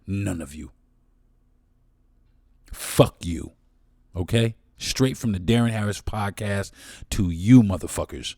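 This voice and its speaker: Low-voiced man, blunt podcast host. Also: darkish tone, no echo, studio quality. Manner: blunt, profane and impassioned. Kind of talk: solo podcast monologue.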